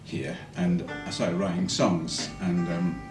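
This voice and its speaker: A musician recalling a quiet moment in a soft, reflective way before introducing a song. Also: male voice, low-pitched, level tone, takes it slowly. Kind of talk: reflective stage storytelling. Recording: roomy, distant stage mic with music.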